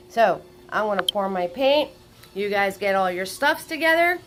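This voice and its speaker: A woman's voice: mid-range voice, animated, normal speed, fairly bright tone, faint music behind. A woman hosting a live painting class online, chatting with viewers and greeting them in a sing-song way. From Washington state. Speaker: paint party host.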